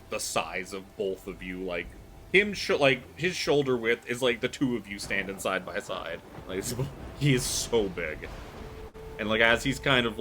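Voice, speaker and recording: A man at a middle pitch narrating a tabletop horror scene as game master. He talks casually and loosely, filling gaps with "like" and restarting phrases as he goes. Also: sharp tone, a little hiss or hum. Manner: loose, filler-heavy storytelling with frequent "like".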